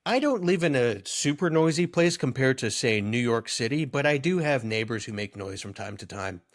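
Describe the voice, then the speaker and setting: A man's voice: mid-range voice, expressive, normal speed. A young man co-hosting a podcast in casual comedic chat, teasing his friend and rambling into jokey asides. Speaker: podcast co-host.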